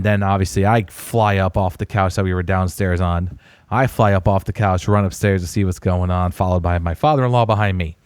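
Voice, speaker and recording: A man in his thirties tells a family story on his podcast in a loose, animated way. His voice sits on the low side and sounds dry and close to the mic. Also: no echo. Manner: animated storyteller, puts on high voices when quoting a child. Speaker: podcast co-host. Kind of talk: casual storytelling.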